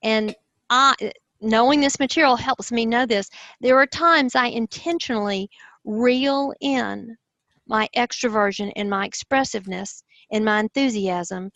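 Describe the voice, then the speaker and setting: An enthusiastic, expressive woman with a Southern US accent, explaining personality styles in conversation. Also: on the high side, a little slow, no echo, dull audio. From Southern United States. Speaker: host, personality-type teacher.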